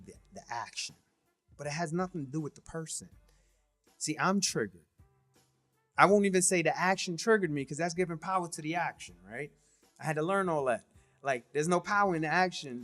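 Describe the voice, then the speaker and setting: Over soft background music, a man with a slightly high, somewhat bright voice talks briskly. He's co-hosting a casual podcast chat, reflecting on things and often checking in with "right?" and "you know what I mean?"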